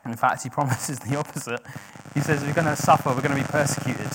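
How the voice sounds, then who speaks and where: A man preaching a sermon, swinging from hushed, slow emphasis to loud, rising exhortation, correcting himself as he goes. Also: mid-range voice, steady tone, slight background noise. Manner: self-correcting, with brief laughs.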